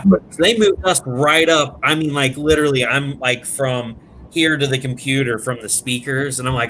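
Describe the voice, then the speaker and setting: A man telling a prank story in animated, casual, profane chat as a podcast guest. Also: medium pitch, normal speed, a little hiss or hum. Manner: animated, profane, laughs at his own story.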